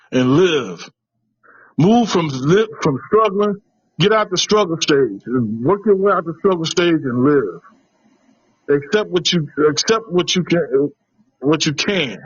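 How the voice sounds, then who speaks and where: Earnest husky Chicago-born man. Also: fairly high pitch, no echo, dull audio. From West side of Chicago. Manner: earnest, halting restarts. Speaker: interviewee, tradesman. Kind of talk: storytelling interview.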